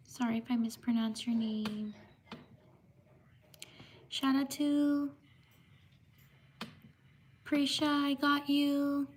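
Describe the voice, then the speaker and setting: A woman hosting a livestream, reading out viewers' names slowly and apologizing when she might have mispronounced them. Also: high voice, slight background noise. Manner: slow, apologetic, drawn-out shout-outs. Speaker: livestream host. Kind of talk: livestream shout-outs.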